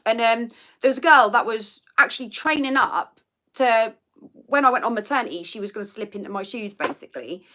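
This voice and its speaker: A woman's voice: on the high side, lively intonation, a little fast, sharp tone. Giggly chatty woman hosting live. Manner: chatty, giggly, reads out viewer comments. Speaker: livestream host. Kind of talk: casual live chat quiz.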